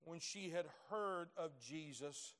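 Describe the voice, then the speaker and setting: A middle-aged man, preaching a sermon in folksy storytelling fashion, dropping to low asides and then climbing to loud shouted peaks. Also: lively intonation, takes it slowly. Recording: long hall reverb.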